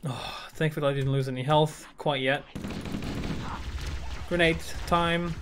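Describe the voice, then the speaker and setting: A man's voice: a little high, fairly even intonation, unhurried, background noise. A young man commentating his blind playthrough of a shooter game, frustrated, swearing and taunting the enemies on screen. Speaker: gaming video host. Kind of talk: blind let's play commentary.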